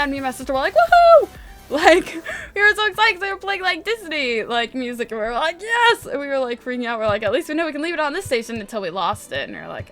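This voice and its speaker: A young woman from northwest Indiana tells a story in a high, bright voice, chatty and excitable, with "like" in nearly every phrase. Faint music plays softly behind her. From northwest Indiana, USA. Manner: chatty, excitable, lots of "like" fillers. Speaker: gaming vlogger. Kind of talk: casual storytelling over gameplay.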